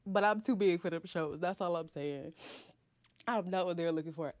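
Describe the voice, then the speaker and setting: A woman's voice: on the low side, moderate pace, a little mellow, dry recording. A woman hosting a casual livestream, reading and answering viewer chat, chatty and self-mocking and laughing often.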